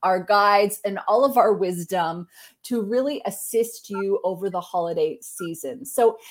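Chatty upbeat woman podcast host. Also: mid-range voice. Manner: chatty, upbeat, quick laughs. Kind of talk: casual podcast chat.

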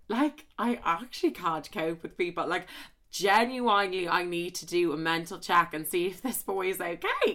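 A young Irish woman hosting a podcast, telling a story in a rambling, animated way full of swearing and asides, close on the mic. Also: lowish voice, unhurried. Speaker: podcast host. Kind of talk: casual storytelling chat. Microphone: close studio mic with popping.

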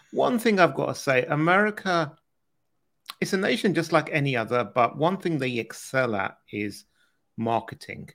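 A man's voice: on the high side, lively intonation, moderate pace, fairly bright tone. A British man co-hosting a podcast, chatting casually and joking with frequent laughs. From Britain. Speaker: podcast co-host.

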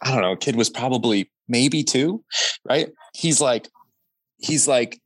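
A man's voice: medium pitch, a little slow, no room sound. Man telling a story, getting worked up. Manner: storytelling with many restarts and fillers, gets worked up. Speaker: guest, the host's brother. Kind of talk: casual family conversation.

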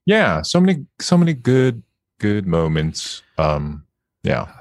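A man, a video game actor, chatting as an interview guest, relaxed and laughing often, with hesitant fillers. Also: on the low side, takes it slowly, dry recording, studio quality. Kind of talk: casual interview chat.

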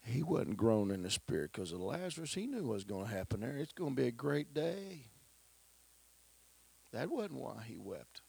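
A male pastor preaching a sermon, swinging between loud declarations and hushed whispers. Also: medium pitch, sing-song, normal speed, gravelly, slightly rough.

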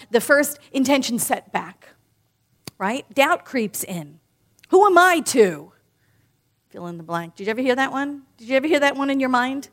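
Lively woman preaching to a congregation. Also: fairly high pitch. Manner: animated, playful, talks directly to the congregation. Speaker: minister. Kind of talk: sermon. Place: in front of a live congregation.

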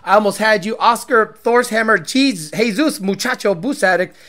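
A man hosting a casual livestream, profane and loud, congested and short of breath. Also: high voice, moderate pace. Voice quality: profane, loud and brash, shouts sponsor names. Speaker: car-scene livestream host.

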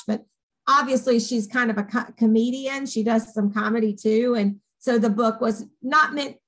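A woman with a Southern accent, co-hosting a casual talk show and telling stories in an animated, rambling way. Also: on the high side, low-quality recording. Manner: animated, upbeat, rambling storyteller. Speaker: podcast co-host, organization co-founder. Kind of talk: casual chat.

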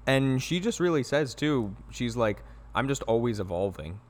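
A man in an easygoing film chat, speaking in a relaxed, conversational way. He now and then jumps into quoted lines from scenes. His voice sits at an ordinary middle pitch. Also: moderate pace. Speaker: film review podcast co-host. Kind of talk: casual chat.

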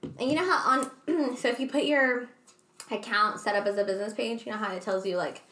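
A woman co-hosting a casual podcast, telling stories in an animated way, swearing freely and acting out quotes. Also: a little high, a little fast. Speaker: podcast co-host. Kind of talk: casual chat. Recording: echoey room.

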